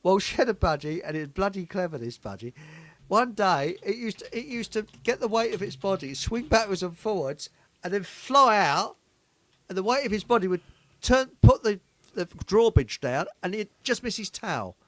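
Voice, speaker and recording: A man with a high, lively voice tells rambling stories and keeps giggling at his own jokes. The sound is dry and close, with no room around it. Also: moderate pace, no room sound. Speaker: show host. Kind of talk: casual chat.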